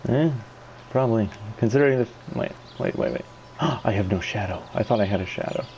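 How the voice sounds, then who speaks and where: A man's voice: lowish voice, lively intonation, brisk, gravelly, darkish tone, slight background noise, low-quality recording. A man giving casual, joking let's-play commentary. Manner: joking, rambling. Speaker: gaming YouTuber.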